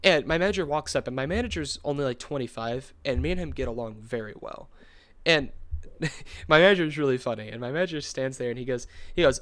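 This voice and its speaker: A young man co-hosting a podcast, telling a story in a rambling, animated way, full of fillers and quick laughs. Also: medium pitch, dry recording. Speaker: podcast co-host. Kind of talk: casual storytelling chat.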